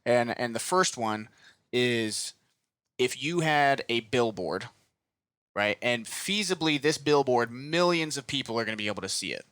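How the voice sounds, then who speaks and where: Bright-voiced co-host rambling through a question. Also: male voice, mid-range voice, animated, a little slow, no room sound. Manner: rambling, fills with "right?" and "kind of". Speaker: podcast co-host. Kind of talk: casual interview questions.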